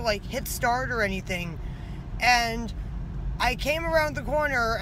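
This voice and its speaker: Her voice is a little high, with noise behind it. Outdoors near her house, a woman chats through a casual vlog, exasperated and dropping "like" constantly while she recounts her day.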